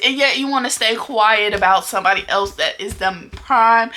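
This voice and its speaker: Bright-voiced young woman venting to camera. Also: fairly high pitch, moderate pace, hardly any pauses. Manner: exasperated, venting with repeated exclamations. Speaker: book vlogger. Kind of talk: casual vlog talk to camera.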